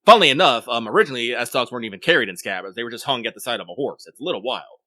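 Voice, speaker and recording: Lively, bright-voiced man chatting casually. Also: mid-range voice, rapid-fire, dry recording, studio quality. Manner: rambling and animated, casual swearing, frequent restarts. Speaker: podcast co-host. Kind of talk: casual chat.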